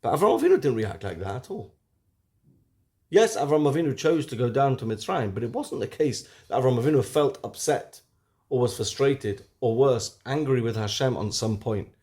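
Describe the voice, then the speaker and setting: A man teaching a weekly Torah lesson, lively, asking rhetorical questions and swinging from loud to hushed. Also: medium pitch, moderate pace.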